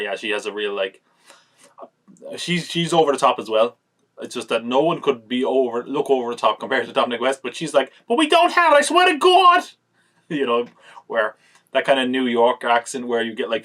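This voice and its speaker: A man's voice: mid-range voice, steady tone, fairly quick, a bit bright. Rambling man reviewing films. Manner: rambling, acts out quotes in retelling. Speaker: podcast host. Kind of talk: casual film review chat.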